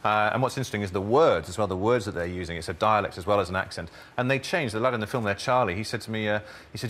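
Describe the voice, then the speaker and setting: A man's voice: fairly low pitch, racing, hardly any pauses, fairly bright tone. A man, a studio guest, chatting and explaining things with jokes and asides. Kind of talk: casual studio chat.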